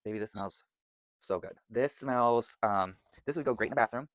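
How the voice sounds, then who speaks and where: A vlogger reviewing candles chats casually and enthusiastically to camera, rambling and gushing about scents as he shows them off. His mid-range voice moves at a moderate pace against heavy background noise.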